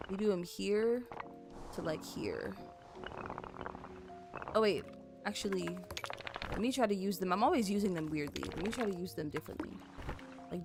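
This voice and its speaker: Faint, soft music plays behind a young woman whose lowish voice has vocal fry. She's streaming a building game, chatting casually with viewers and rambling with plenty of fillers and little giggles.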